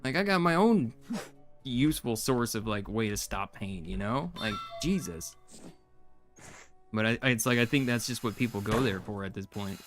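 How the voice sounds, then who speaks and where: A man's voice: lowish voice, moderate pace, over music. A young man streaming a game, chatting casually and venting in a rambling, frustrated way with lots of fillers. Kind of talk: casual live-stream chat while gaming.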